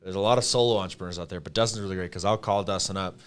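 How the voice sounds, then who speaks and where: A young man with a Canadian accent, a podcast guest telling stories in a casual, emotional, animated way with many fillers. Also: low-pitched, rapid-fire, a little hiss or hum. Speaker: podcast guest, clothing company co-founder.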